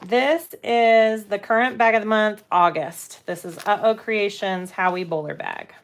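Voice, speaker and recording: A middle-aged woman with a medium-pitched, unhurried voice hosts a casual sewing livestream from her home sewing room. She chats playfully, laughs often, and reads viewer comments aloud.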